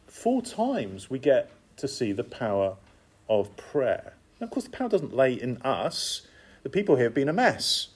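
A man's voice: medium pitch, normal speed, slightly rough. A man preaching a sermon, emphatic and conversational, repeating key phrases and dropping in casual asides. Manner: lively, emphatic, repetitive cadence with conversational asides.

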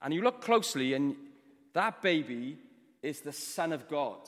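A Welsh man giving a storytelling sermon, moving between hushed, quiet passages and loud, forceful ones. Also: a little high, very animated, a little slow, long reverb tail. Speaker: preacher. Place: church.

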